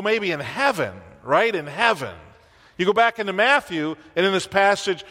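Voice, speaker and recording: A man's voice: high-pitched, animated, normal speed, pushed and bright, big-room sound. A man preaching a sermon as pastor in a church, conversational, with wry asides and rhetorical questions.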